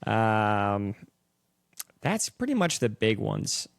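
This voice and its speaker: Man, casual podcast guest, gravelly voice, dry close sound, swears freely. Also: fairly low pitch, very animated, slow, no room sound. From Brazil. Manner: loose, profane storytelling with frequent laughs.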